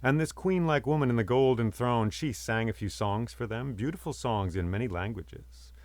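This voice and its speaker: A man's voice: medium pitch, normal speed, darkish tone, dry recording. A man telling a myth aloud as a storyteller, with rhythmic, repeating phrases. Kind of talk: oral storytelling of myths.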